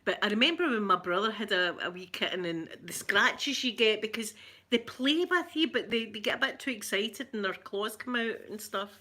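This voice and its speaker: Scottish woman, middle-aged, chatting to her stream viewers, bright voice, laughs a lot. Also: mid-range voice, expressive, moderate pace. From Scotland. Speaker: ASMR livestream host. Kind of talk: casual chat with live viewers.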